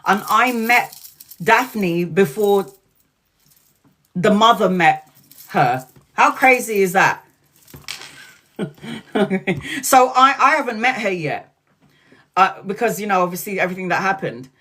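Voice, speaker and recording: A woman's voice: medium pitch, animated, slow pace, long pauses, sharp tone. A woman hosting a live tarot reading, talking candidly, swearing freely and repeating her points with emphasis. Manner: earnest and emphatic, repeats lines. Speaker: tarot reader.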